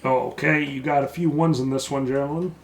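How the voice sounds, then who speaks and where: A man running a tabletop game as game master, slowing down to narrate the action in vivid detail. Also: medium pitch, steady tone, gravelly, roomy sound, loud music behind the voice. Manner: slows down for vivid descriptive narration.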